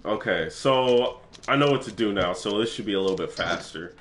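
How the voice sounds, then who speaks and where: A man giving excitable let's play commentary for his gaming channel, swearing freely as he plays. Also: lowish voice, moderate pace.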